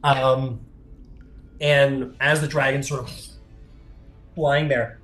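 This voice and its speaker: A man's voice: medium pitch, level tone, takes it slowly, a bit bright, echoey room, soft background music, rough recording. A man running a tabletop game as game master, narrating loosely with lots of fillers and the odd swear.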